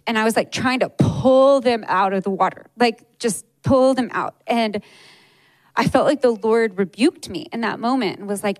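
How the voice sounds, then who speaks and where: A woman's voice: a little high, normal speed, no echo, low-quality recording. A young woman giving a personal testimony at church, talking in a conversational way with many fillers. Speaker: church speaker sharing a testimony.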